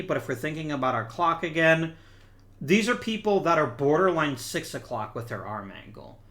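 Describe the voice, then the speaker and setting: A man's voice: a little high, bright, forceful tone, echoey room. A man hosting a gameplay video, explaining things casually and correcting himself as he thinks aloud. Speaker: gaming video host.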